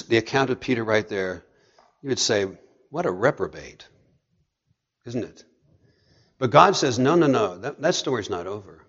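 A man preaching a sermon, swinging between hushed storytelling and emphatic, rising delivery. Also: fairly low pitch, muffled recording.

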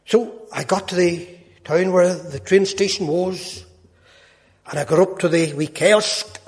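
A man in his sixties telling a personal testimony with folksy, self-mocking humour. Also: sits high. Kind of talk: storytelling testimony. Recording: long hall reverb.

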